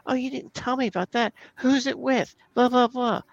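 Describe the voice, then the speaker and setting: A man imitating his wife, mimicking her as a shrill, incredulous woman. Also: fairly even intonation, moderate pace, vocal fry, dull audio. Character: exasperated wife, adult woman, nagging.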